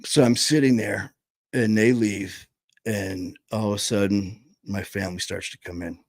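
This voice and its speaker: A man telling a personal story, candid and blunt, swearing freely and pausing often. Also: lowish voice, fairly even intonation, no room sound. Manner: halting, full of fillers and restarts.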